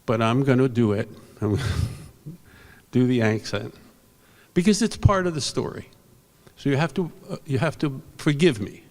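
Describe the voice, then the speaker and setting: A man's voice: mid-range voice, moderate pace, pauses often, a little mellow. An older man from New York giving a rambling, anecdotal awards speech on a convention stage, with asides to the audience. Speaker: award presenter. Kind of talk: storytelling speech at an awards ceremony. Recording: reverberant convention hall.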